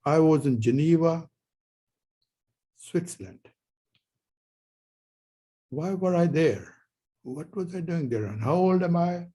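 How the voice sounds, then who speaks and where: An older male professor lectures a class in a loose, anecdotal way, asking questions and answering them himself. His voice is mellow and a little husky. He wanders through the story with pauses and restarts. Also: fairly high pitch, expressive, poor audio. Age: 70s. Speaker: university lecturer.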